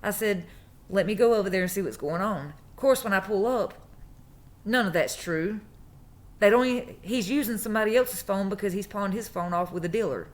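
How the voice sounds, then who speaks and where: A woman's voice: medium pitch, moderate pace. A woman, telling a personal story in a casual, emphatic way and repeating phrases for stress. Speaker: true crime vlogger.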